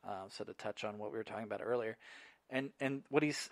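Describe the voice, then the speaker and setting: A man's voice: fairly low pitch, fast talker, dry recording. A man co-hosting a podcast, chatting casually and teasing his co-host with wry remarks. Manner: wry, teasing, reads out contest results. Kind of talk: casual chat.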